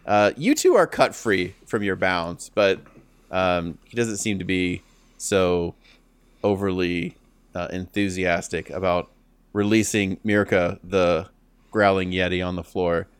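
A man narrating as game master of a tabletop role-playing game, halting often with restarts and fillers. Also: deep voice, clean tone, no echo.

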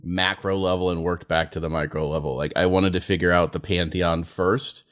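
A man with a somewhat low voice chats casually as a podcast's game master. He rambles with plenty of "um" and "like". His tone stays easygoing throughout. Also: normal speed. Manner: relaxed, rambling, with frequent "like" and "um".

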